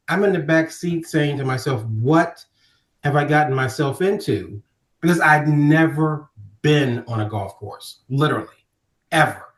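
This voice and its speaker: Animated storyteller man in an echoey room. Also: on the high side. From Ohio, USA. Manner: animated storyteller, acting out quoted voices. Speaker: podcast guest. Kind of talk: storytelling in casual conversation. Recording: roomy echo.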